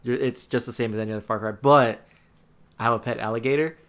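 A young man co-hosting a casual podcast, rambling in a relaxed way with fillers. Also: mid-range voice, fast talker. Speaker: podcast co-host.

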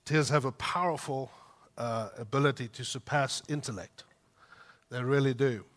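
A man delivers a heartfelt sermon in a bright, forceful voice. He talks in a conversational way, rising to loud, emphatic peaks and then dropping back to quiet, tender asides. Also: medium pitch, normal speed. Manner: conversational asides with light laughs. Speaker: pastor.

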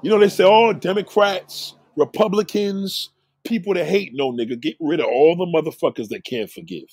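A man's voice: mid-range voice, a little mellow, slightly rough, no room sound. A man hosting a livestream, reading chat comments aloud and ranting at them in a preachy, profane, confrontational way.

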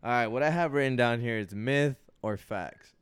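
A man's voice: medium pitch, normal speed, clean tone, dry recording. A man co-hosting a casual podcast, rambling and joking as he leads topics. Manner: laid-back, rambling, joking. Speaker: podcast co-host.

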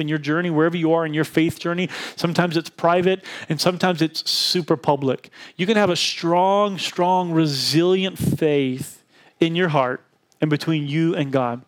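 A man in his thirties preaching a sermon as a pastor. He tells stories with energy and acts out the people in them in a raised voice. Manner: animated storytelling, acts out quotes in a higher voice.

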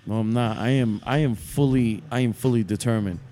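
A man's voice: mid-range voice, brisk, dark tone, soft background music. A young man co-hosting a podcast, laid-back and drawling in casual chat. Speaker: podcast co-host.

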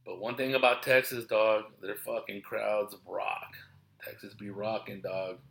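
A comedian rambles casually about his shows, telling profane, slang-filled stories and acting out the quotes. His voice sits on the low side with a flat, unhurried delivery, some vocal fry, and a slightly bright quality.

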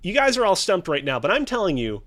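Animated male quiz show host. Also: high-pitched, quick pace, a crowd in the background. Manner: theatrical, teasing quiz-host delivery. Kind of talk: game show hosting, reading clues.

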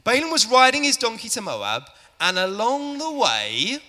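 A man narrates a Bible story to a church family audience, chatting with listeners as he goes. His voice is bright and animated, and a long church-hall reverb follows him. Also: very high voice, measured pace. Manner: lively, chatty, addresses the audience.

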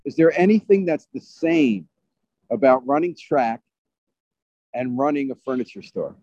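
A man's voice: medium pitch, expressive, measured pace, mellow, no echo. A man interviewing a guest for radio, asking curious, conversational questions. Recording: dull, dry sound.

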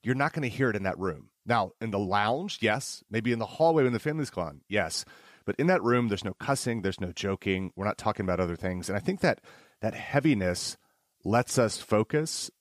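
A man with a lowish voice speaks earnestly and reflectively as a doctor on a panel. The sound is dry and close to the mic. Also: expressive, moderate pace, no echo. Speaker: emergency physician. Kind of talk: casual panel discussion.

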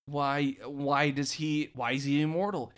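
A man co-hosting a casual chat, halting and restarting often as he talks. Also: on the high side, fairly even intonation, clean tone. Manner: halting, with lots of stammered restarts.

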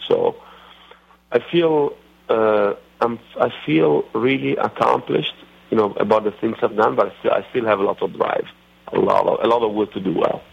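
A man with an Italian accent, a racing driver guest on a radio interview, talking haltingly with many fillers and restarts. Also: lowish voice, vocal fry, slightly rough. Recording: dull lo-fi radio audio.

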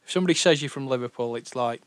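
A man's voice: mid-range voice, rapid-fire, no room sound. A young man from Stoke with a Stoke-on-Trent accent, co-hosting a podcast about running a record label in a rambling, chatty way. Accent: Stoke-on-Trent English. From England. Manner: rambling, chatty, self-deprecating. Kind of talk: casual podcast chat.

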